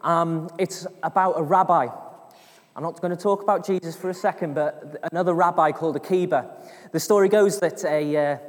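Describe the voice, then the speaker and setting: A man preaching a sermon to a congregation, telling a story with acted-out voices and frequent laughs. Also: on the high side. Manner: lively storyteller, acts out voices, laughs often. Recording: long reverb of a hall.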